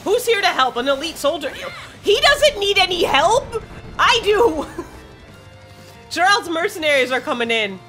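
Woman let's-play host, lively swooping pitch, foul-mouthed and easily panicked. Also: a little slow, faint music behind. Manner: excitable, swears a lot, shrieks when panicked. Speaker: gaming streamer.

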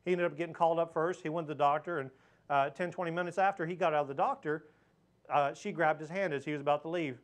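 A man's voice: fairly high pitch, steady tone, fast talker. Earnest man teaching a church lesson. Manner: earnest, storytelling, emphatic on faith points. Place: church hall with pulpit.

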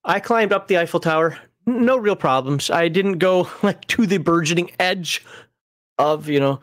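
Animated man telling a story, dry sound. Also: high-pitched, normal speed, no echo. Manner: animated storyteller, laughs at himself, many restarts. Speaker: host explaining game rules. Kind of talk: casual explanatory talk with a personal story.

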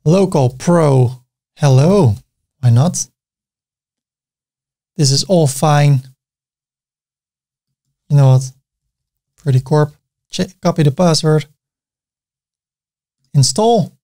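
A man with a Dutch accent, a native Dutch speaker, hosting a screen-recorded software tutorial, narrating each click step by step with casual asides. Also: on the high side, very slow, pauses often. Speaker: tutorial host.

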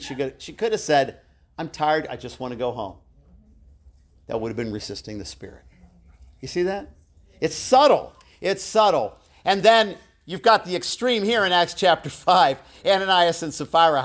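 A middle-aged man teaching a live church Bible class, telling personal stories in a chatty, self-deprecating way with asides to his listeners. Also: medium pitch.

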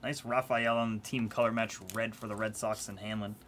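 A man's voice: lowish voice, flat delivery, brisk, a bit bright, slight background noise. A man hosting a live trading-card break, chatting casually and teasing his viewers in a playful way. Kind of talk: casual live-stream commentary.

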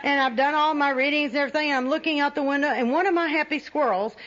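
A woman's voice: high voice, fast, a bit bright. A woman speaking at a recovery meeting, telling personal stories with humor and often laughing at herself. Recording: dull lo-fi recording with faint audience.

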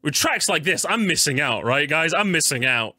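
Lively, animated young man streaming. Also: moderate pace. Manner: animated, swears, yelps into high squeals when annoyed. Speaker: streamer ranking game tracks. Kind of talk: casual live-stream commentary. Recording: game music playing faintly behind.

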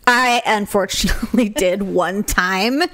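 A woman's voice: medium pitch, measured pace, fairly bright tone. A woman co-hosting a podcast in casual chat, throwing in short, dry, bawdy quips. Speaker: podcast co-host.

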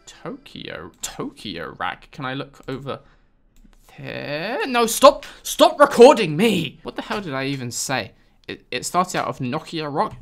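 A British man talks through a video game, his voice bright and forceful. His pitch swings widely up and down. He answers the game with dry sarcasm and mounting exasperation. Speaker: gaming video host. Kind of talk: casual gameplay commentary.

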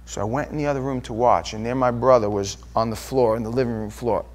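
A male pastor giving an impassioned sermon, swinging from hushed confession to loud emphasis. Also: medium pitch, steady tone, fast talker.

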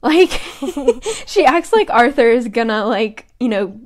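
A woman's voice: fairly high pitch, big pitch swings, slow. A young woman co-hosting a podcast, chatting casually about a book and giggling as she reads quotes aloud in voices. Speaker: podcast co-host.

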